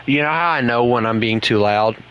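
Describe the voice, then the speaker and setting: A man rambling and joking with his friends while he plays a game at home. His voice is bright and forceful. Faint room ambience sits behind him. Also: medium pitch, fairly quick, muffled recording, a little hiss or hum. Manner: rambling, joking, chatty with teammates. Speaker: gaming streamer. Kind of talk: casual chat while gaming.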